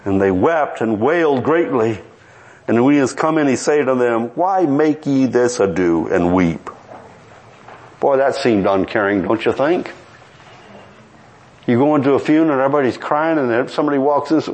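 In a low-quality recording, a man with a mid-range voice preaches a dramatic sermon. He quotes King James scripture and acts out the voices of the people in the story, at times rising to near-shouts.

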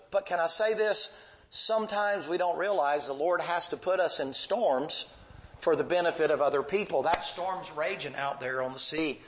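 A man's voice: a little high, fairly bright tone, low-quality recording. A man preaching a sermon, telling a vivid Bible story in a folksy, emphatic way.

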